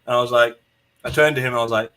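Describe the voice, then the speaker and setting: A man hosting a podcast, telling an animated story in casual chat and acting out the people in it. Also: mid-range voice, very fast. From New Zealand. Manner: animated anecdote teller, acts out quotes, swears freely. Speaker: podcast host.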